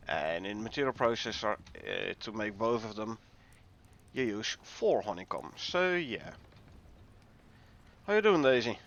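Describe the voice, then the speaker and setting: With a Dutch accent and a mid-range voice, a man from the Netherlands plays a game on stream, explaining it and greeting viewers in easygoing, chatty commentary. The sound is muffled.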